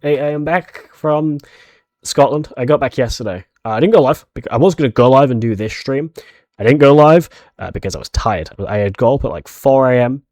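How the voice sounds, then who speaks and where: A man's voice: mid-range voice, animated, fairly quick, darkish tone, no room sound. A man streaming live, chatting casually and a bit ramblingly with his viewers as he greets them.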